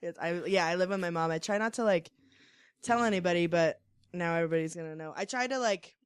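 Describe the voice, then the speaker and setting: A woman's voice: lowish voice, quick pace, clear, resonant tone, no room sound, studio quality. A young woman chatting as a guest on a podcast, playful and giggly, often trailing off and restarting. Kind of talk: casual podcast banter. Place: podcast studio.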